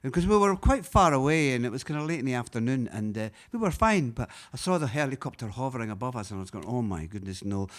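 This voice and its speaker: A Scottish man, a singer-songwriter, telling a rambling, halting story between songs, chuckling often. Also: mid-range voice, sing-song. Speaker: singer-songwriter introducing a song.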